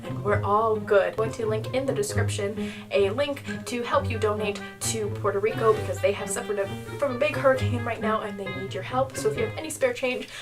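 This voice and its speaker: A woman's voice: medium pitch, fairly quick, far from the mic. A young woman vlogger telling an exasperated storytime tale, peppering it with "okay?" over background music. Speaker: YouTuber. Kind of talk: storytime vlog.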